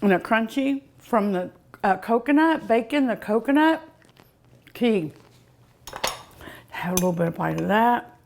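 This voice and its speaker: A woman hosting a home cooking show, tasting dessert with drawn-out mms and ohs in a folksy, chatty way, outdoors at her home. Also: a little high, expressive, gravelly, slight background noise.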